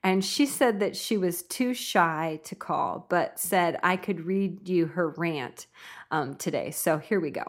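A woman's voice: on the low side, unhurried, faint music behind. A young woman hosting her own podcast in a bubbly, giggly way, laughing often as she talks. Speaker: podcast host. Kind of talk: upbeat solo podcast talk.

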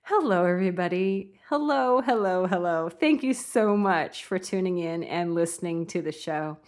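A woman's voice: fairly low pitch, normal speed, a little mellow. A young woman hosting her own podcast in a bubbly, giggly way, laughing often as she talks. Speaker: podcast host. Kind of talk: upbeat solo podcast talk.

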